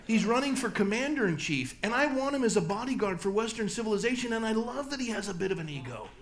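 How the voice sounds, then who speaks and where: Middle-aged male pastor, higher-pitched, emphatic church delivery. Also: very animated. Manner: emphatic, rising to loud peaks, then dropping low and slow. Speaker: guest pastor speaker. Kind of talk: church talk and Q&A answer. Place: church hall.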